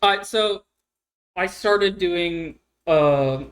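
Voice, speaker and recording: A woman's voice: fairly low pitch, extremely slow. A woman guest in casual chat, telling stories in a rambling way full of fillers. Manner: rambling storyteller, many fillers like "like". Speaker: guest streamer.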